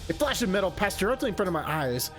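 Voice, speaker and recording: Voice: medium pitch, big pitch swings, rapid-fire, over music. A streamer reading a game's story aloud and breaking off for chatty, laughing asides. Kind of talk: reading narration with live commentary.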